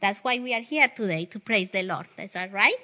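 A woman with a Southern accent teaching a church congregation, speaking in a warm, halting way with many fillers and restarts, into a pulpit microphone in a church. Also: medium pitch. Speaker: guest preacher. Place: church sanctuary. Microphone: pulpit mic she adjusts.

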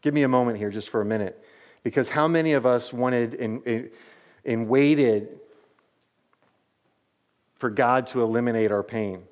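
A man's voice: mid-range voice, moderate pace, pauses often, a little mellow. A man preaching a sermon to his church as pastor, telling the story animatedly with many casual "like"s.

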